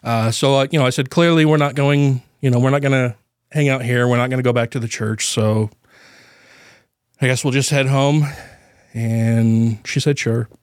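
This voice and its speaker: A man co-hosting a podcast, telling a personal story in casual chat, halting with fillers and nervous laughs, grief close to the surface. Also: mid-range voice, fairly even intonation, smooth, no room sound. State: grieving, voice near tears. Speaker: podcast co-host.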